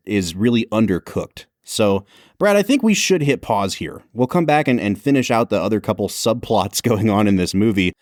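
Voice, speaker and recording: A young adult man co-hosting a podcast in casual chat, talking in quick asides and laughing often. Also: fairly low pitch, darkish tone, no echo, clean studio sound. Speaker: podcast co-host.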